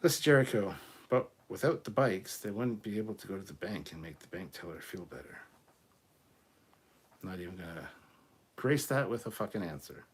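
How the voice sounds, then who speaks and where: Blunt, husky-voiced man host. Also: sits low, expressive, normal speed, pauses often. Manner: blunt, profane, argumentative. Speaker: podcast host reading viewer comments. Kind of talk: casual livestream chat.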